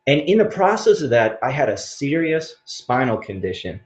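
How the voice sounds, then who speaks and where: A man teaching qigong in an animated, playful way, often laughing as he demonstrates. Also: medium pitch, moderate pace. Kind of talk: motivational teaching talk. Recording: roomy, dull-sounding recording.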